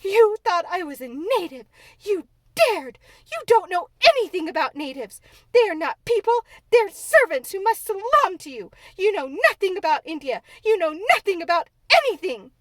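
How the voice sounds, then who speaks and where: A woman's voice: high-pitched, big pitch swings, normal speed, dry recording. A woman voicing a spoiled, imperious little girl who speaks disdainfully. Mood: furious. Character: spoiled imperious little English girl, haughty and quick-tempered.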